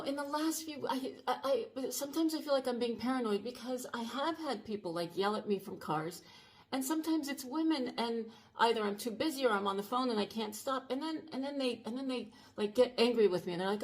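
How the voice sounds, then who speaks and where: A woman around sixty telling a personal story to camera in an earnest, urgent way, shaken and emotional, often stopping and restarting her sentences. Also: fairly high pitch. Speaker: channel host.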